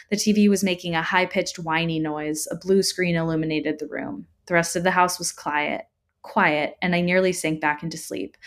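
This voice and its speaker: A woman reading a first-person horror story aloud with dramatic emphasis, laughing off her own stumbles. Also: lowish voice. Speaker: narrator.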